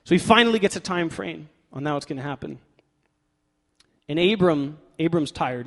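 A male pastor delivers a sermon in a slightly raised voice, talking to the congregation like friends, full of "like" and self-directed jokes. His delivery leaps between loud, emphatic bursts and soft asides. The sound rings with the long reverb of a big church hall. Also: on the high side, fairly quick, creaky. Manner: lively preaching, swinging from loud emphatic bursts to quiet asides; conversational with fillers like "like" and playful self-talk.

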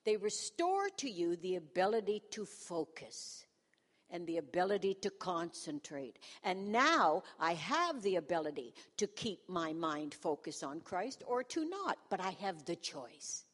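A woman's voice: on the low side, big pitch swings, unhurried. A woman in her sixties, a pastor's wife, telling a humorous personal testimony to a congregation in a self-mocking, storytelling manner, in a church hall.

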